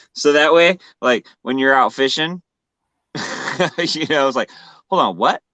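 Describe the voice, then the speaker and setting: A man's voice: medium pitch, expressive, slow pace, sharp tone, no echo. A man in casual conversation, talking in a rambling, laid-back way, full of fillers and restarts. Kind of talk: casual chat.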